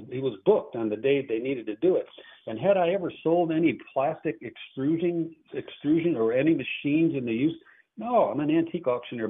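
A man's voice: mid-range voice, breathy edge. A man hosting a call-in radio show as an antique auctioneer, chatting in a rambling, self-interrupting way. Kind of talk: casual call-in radio talk. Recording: tinny phone-like radio audio.

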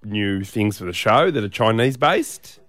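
A man's voice: on the low side, animated, measured pace, a bit bright, no echo. Joking Australian radio host man. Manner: joking, teasing, mock-serious. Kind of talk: casual radio banter.

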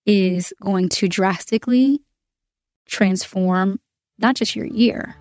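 A woman's voice: mid-range voice, takes it slowly, darkish tone, dry recording. Earnest woman podcast host, dry close sound. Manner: earnest, heartfelt, with fillers and restarts. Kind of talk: prayer podcast, spoken prayer and reflection.

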